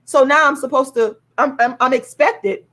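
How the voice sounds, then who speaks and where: A woman's voice: high voice, fairly even intonation, moderate pace, fairly bright tone. A woman ranting on a livestream, heated and indignant, swearing and repeating herself as she promotes her own show. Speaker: YouTube live streamer promoting her own play. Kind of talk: angry livestream rant, then ticket promotion.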